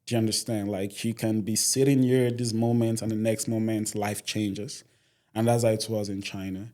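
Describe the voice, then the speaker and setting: Mellow-voiced man. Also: on the low side, little pitch movement, normal speed. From Nigeria. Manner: earnest, fills with "you know". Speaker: podcast guest. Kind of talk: casual interview storytelling.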